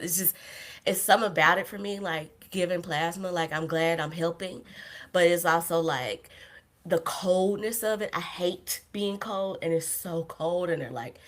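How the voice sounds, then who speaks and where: A young woman with a low, deep-set voice hosts a casual solo livestream. She rambles from tangent to tangent with self-deprecating humor and laughs often. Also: steady tone, normal speed, a bit bright. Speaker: podcast host.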